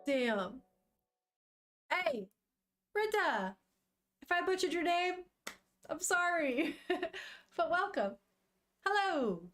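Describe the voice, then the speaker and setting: A woman's voice: very high voice, big pitch swings, takes it slowly, pauses often, fairly bright tone, faint music behind. A young woman on a casual live stream, reading a manga aloud, chatting with viewers, swearing freely and laughing often.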